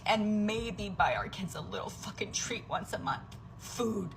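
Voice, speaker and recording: A working mother from the United States, venting in an angry, profane, emotional vlog rant that sometimes drops into a breathy whisper. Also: mid-range voice, expressive, unhurried, soft background music, low-quality recording.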